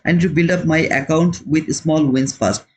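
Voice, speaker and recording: A man's voice: a little high, normal speed, a little hiss or hum, rough recording. A man hosting a live trading stream, chatting casually and answering viewers' comments, with frequent repeated words. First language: not English. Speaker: trading livestream host.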